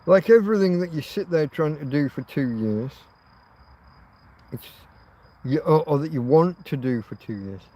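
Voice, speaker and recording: A man's voice: mid-range voice, warm tone. A middle-aged man hosting a late-night livestream from outdoors, musing and swearing as he chats. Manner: musing, sweary, self-talking. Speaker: livestream host. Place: outdoors at night near a road.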